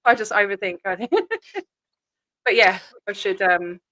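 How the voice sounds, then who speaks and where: Bright, animated woman. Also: mid-range voice, no echo. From Australia. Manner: animated, swearing, quick laughs. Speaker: livestream host. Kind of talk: casual livestream chat.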